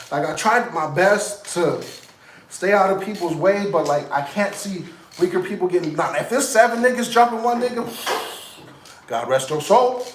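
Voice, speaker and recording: A man in his thirties telling casual stories, animated, acting out other people's lines. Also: sits high, roomy sound, slight background noise. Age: 30s. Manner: animated, quoting people in raised voices. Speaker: vlogger. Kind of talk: casual storytelling.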